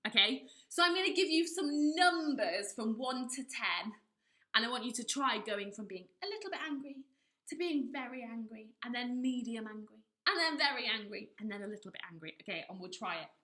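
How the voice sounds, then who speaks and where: A woman's voice: a little high, expressive, brisk, bright, forceful tone, reverberant. A woman teaching a drama lesson to children, talking straight to them in an encouraging way and acting out different levels of anger.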